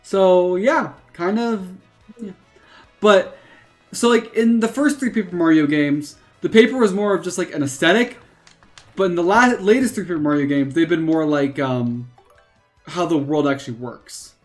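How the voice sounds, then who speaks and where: A woman's voice: fairly low pitch, normal speed, faint music behind. A woman streaming a game and talking casually, in a rambling, hesitant way. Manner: rambling, hesitant, with fillers and restarts. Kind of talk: casual gameplay commentary.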